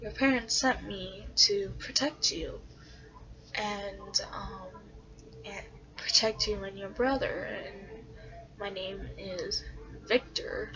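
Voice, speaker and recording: A woman's voice: medium pitch, fairly even intonation, slow pace, a crowd in the background. A woman voicing a scheming male animatronic who poses as a foster carer, speaking in a pleading, insistent way. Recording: dull lo-fi recording.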